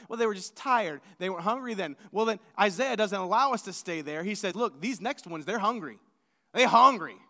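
A man preaching a sermon as pastor, telling stories animatedly and acting out quoted voices. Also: sits high. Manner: storytelling, animated with acted-out quotes. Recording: long hall reverb.

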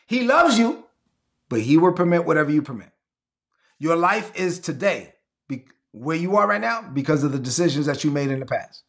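Male preacher, high voice w/ some gravel in it, repeats himself a lot and gets people to say stuff back. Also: very animated, normal speed, fairly bright tone. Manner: emphatic, repetitive preaching with call-and-response declarations. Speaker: pastor. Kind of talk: sermon.

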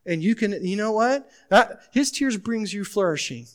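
A man preaching a sermon as pastor, emphatic, asking the congregation questions and swinging from loud urgency to quiet pleading. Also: high voice, lively intonation, moderate pace.

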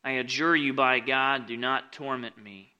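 Male preacher, mid-pitched, very bright timbre, informal scripture talk with loud and quiet swings. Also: fairly even intonation, a little slow, smooth, lo-fi sound. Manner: conversational, with frequent "like" and "right?" asides; swings between loud emphatic reading and quiet lowered asides. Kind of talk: casual sermon, reading and explaining scripture.

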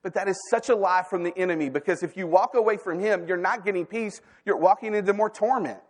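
A man delivering a sermon in a church, talking candidly with the congregation and slipping into quoted inner voices. His voice sits a bit high for a man and rings with a long hall reverb. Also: fast. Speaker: staff pastor. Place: church sanctuary.

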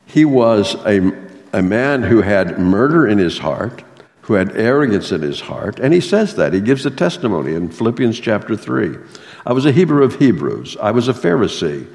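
A man's voice: lowish voice, sing-song, moderate pace, vocal fry, a little mellow. A man preaching a sermon as pastor, earnest, reading out a testimony and scripture with swelling emphasis. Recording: long hall reverb.

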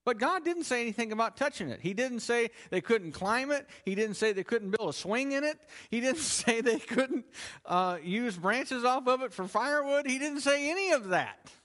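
A man's voice: very high-pitched, animated, moderate pace, fairly bright tone. A man teaching a sermon on a Bible passage, asking the listeners questions and then answering them himself, stressing key words as he goes. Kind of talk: expository sermon.

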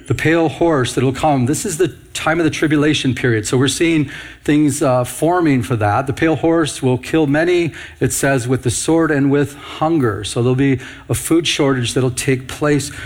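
A man's voice: medium pitch, moderate pace. A middle-aged man preaching on Bible prophecy, reading headlines and scripture and asking the audience rhetorical questions. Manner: asks rhetorical questions to the audience, reads news headlines aloud. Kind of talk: prophecy teaching sermon.

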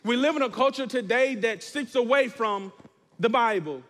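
A man's voice: very high-pitched, moderate pace, fairly bright tone, long reverb tail. A man preaching a sermon as pastor, reading scripture and calling on the congregation to respond. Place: church.

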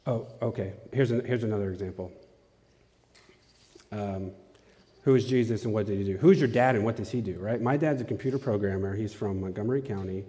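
A man's voice: on the low side, a little fast, mellow. A man giving a casual, conversational sermon in a church, often checking in with his audience. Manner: casual, asks the audience questions. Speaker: preacher. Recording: long hall reverb.

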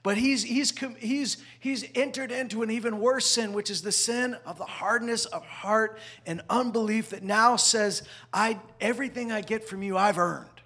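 A man preaching with a fairly high, husky voice. He swings between loud, punchy lines and hushed, almost whispered asides, keeping the sermon lively and conversational. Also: normal speed, few pauses. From parents from the American South. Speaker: pastor.

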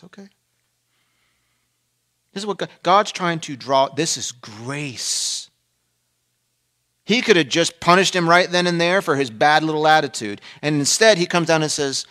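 A man preaching a sermon, dropping to a hush and then rising to emphatic peaks, acting out the people he quotes. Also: fairly high pitch, animated, moderate pace. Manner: swings between hushed and emphatic, acts out quoted voices. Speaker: pastor.

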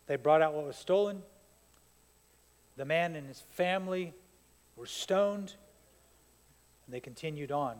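A man preaching a sermon as pastor, telling stories in an animated way that builds to fired-up peaks. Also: on the high side, measured pace, long pauses. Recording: long hall reverb.

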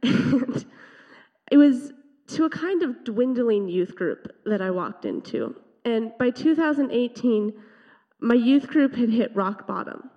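A woman's voice: a little high, big pitch swings, takes it slowly. A teenage girl giving an earnest, reflective personal testimony at a church service. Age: teens. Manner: earnest, reflective storytelling with small laughs. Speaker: teen speaker at youth worship service. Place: church sanctuary. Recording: dull sound with long hall reverb.

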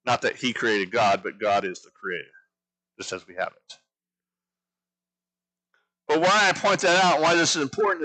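A man's voice: a little high, sharp tone, rough recording. A man teaching a sermon, earnest, building his points by repeating phrases. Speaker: pastor.

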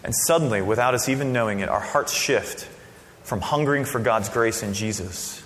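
A man preaching a sermon as a pastor, casual and conversational, with sudden loud bursts. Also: medium pitch, brisk, a little hiss or hum. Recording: long reverb of a hall.

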